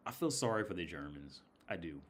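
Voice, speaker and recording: An American man talks in a loose, rambling livestream chat, full of swearing and laughs. His voice sits on the lower side. The delivery is casual and unscripted. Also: lively intonation, a little fast. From United States. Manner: rambling, profane, laughs often. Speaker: livestream host.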